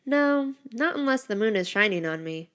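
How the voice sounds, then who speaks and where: A woman's voice: fairly high pitch, expressive, normal speed, a bit bright, smooth. Friendly young male werewolf, easygoing and cheerful; a woman voices him.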